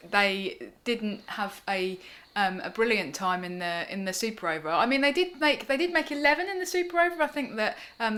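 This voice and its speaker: A woman co-hosting a podcast, talking casually and lively with some fillers. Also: on the low side. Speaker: podcast co-host. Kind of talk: casual chat.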